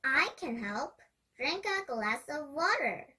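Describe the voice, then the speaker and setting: Woman doing a calm helpful teacher giving instructions, bright high storybook voice. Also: slow, exaggerated voice. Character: helpful female schoolteacher.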